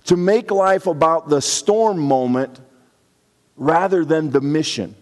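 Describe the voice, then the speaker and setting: A man's voice: a little high, takes it slowly, in a large hall. A man preaching a sermon in a conversational, reflective way, now and then acting out short quotes. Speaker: pastor.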